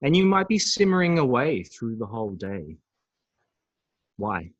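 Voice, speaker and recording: A man presenting a recorded webinar on emotions, animated and acting out angry outbursts. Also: medium pitch, unhurried, muffled recording. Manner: animated, acts out angry voices.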